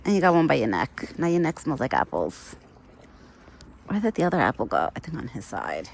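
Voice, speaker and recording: A woman's voice: extremely low pitch, huge pitch swings, brisk, gravelly, a little hiss or hum. A young woman chatting casually and rambling as she feeds a deer outdoors in the cold, laughing often. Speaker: vlogger feeding a wild deer. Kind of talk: casual outdoor vlog chat.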